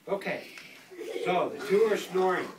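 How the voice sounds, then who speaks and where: An older grandfather reading a picture book aloud to a school class in a playful, animated way, stopping often to quiz the children. He is recorded from across an echoey classroom full of kids. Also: sits high, normal speed, far from the mic, background noise. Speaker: guest reader, grandfather.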